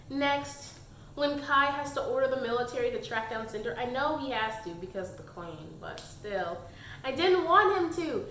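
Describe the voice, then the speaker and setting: A chatty young woman in a book review vlog, with a high, bright voice. She talks in an animated way, tossing off quick character impressions between her own comments, and the sound is echoey, as if she is in a bare room. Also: a little hiss or hum.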